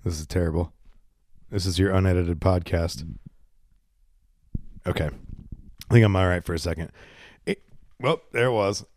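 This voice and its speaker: A man's voice: low voice, unhurried, pauses often, a little mellow, dry recording, clean studio sound. A man hosting a podcast alone from his garage, talking casually and candidly into a handheld microphone, a bit congested and rambling. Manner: rambling, candid and self-deprecating. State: congested, coughing and burping. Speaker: podcast host. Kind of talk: casual solo podcast monologue. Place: home garage.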